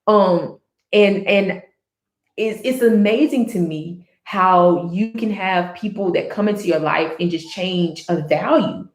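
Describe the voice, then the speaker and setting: A woman's voice: lowish voice, slow pace, echoey room. A woman vlogging in a casual, earnest way about her personal life, rambling with restarts and fillers. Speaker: book chat vlogger.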